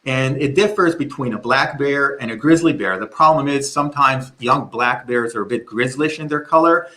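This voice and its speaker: A middle-aged man presenting a webinar, telling a story in an animated way with many restarts. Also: mid-range voice, normal speed.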